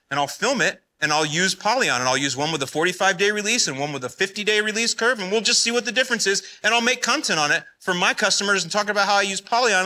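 A man in his forties giving an energetic conference talk, often firing questions at the audience. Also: high-pitched, a little hiss or hum. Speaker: conference speaker.

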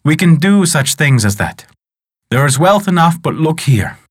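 A man doing a self-important rich merchant from a folk tale, brisk and commanding. The voice is pitched up and very animated, recorded close and dry. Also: no room sound. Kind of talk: storytelling.

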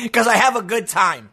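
A man with a high, bright voice delivers sarcastic commentary. He is mocking and animated and laughs often. His voice is going hoarse. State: losing his voice. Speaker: political commentary host.

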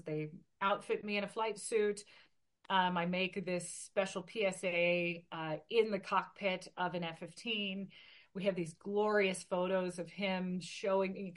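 A woman in her forties from Oregon, telling a personal story in a lively, animated way during a casual interview. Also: lowish voice. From Oregon, USA. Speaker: interview guest.

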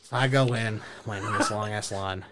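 A young man telling a wild story casually, animated, laughing and swearing as he goes. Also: lowish voice, normal speed, very noisy.

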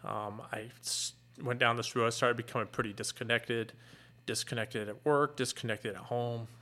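A middle-aged man, a fire captain, earnestly retelling a painful personal story in a candid, halting way. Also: medium pitch, fairly even intonation, sharp tone.

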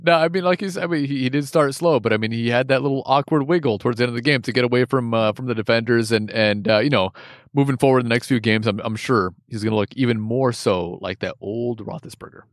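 A man's voice: mid-range voice, fast, no echo, studio quality. A man co-hosting a casual sports talk show, speaking loosely with frequent hedges, restarts and light laughs. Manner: hedging, many "I mean" and restarts, laughs easily. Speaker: sports podcast co-host.

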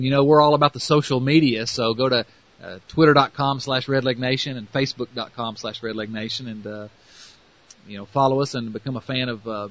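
A man's voice: mid-range voice, a bit bright, no room sound, dull audio. A man with a Southern US accent hosting a podcast, rambling casually with lots of fillers. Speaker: podcast host.

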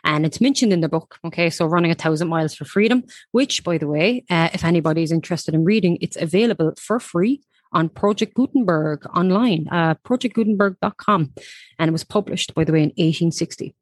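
A woman's voice: fairly low pitch, fairly quick, no echo. A woman hosting a casual podcast, telling a history story with chatty asides and giggles.

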